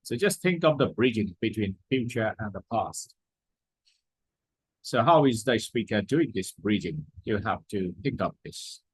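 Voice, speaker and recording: A man's voice: fairly low pitch, animated, measured pace, slightly rough, no room sound, rough recording. A man teaching a class, explaining words and repeating his points with emphasis. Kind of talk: classroom lecture.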